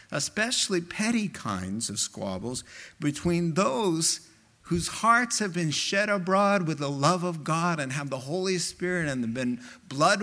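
A man preaching a sermon as pastor, emphatic and animated. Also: on the high side. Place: church hall with sound system.

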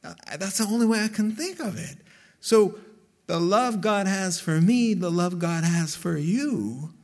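Man, pastor, sermon, slow deliberate delivery, fairly high voice, dramatic pauses. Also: a little mellow.

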